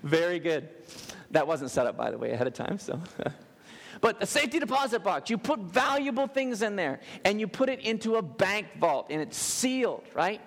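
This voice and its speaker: A man preaching a sermon as a pastor, animated and joking with the congregation in a church. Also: high-pitched, moderate pace. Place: church sanctuary. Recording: long hall reverb.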